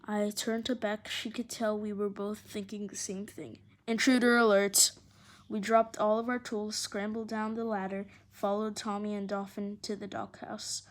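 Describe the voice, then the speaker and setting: A woman reads a children's adventure novel aloud with expressive, lively delivery. Her voice sits at a typical pitch for a woman. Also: moderate pace, few pauses. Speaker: storyteller.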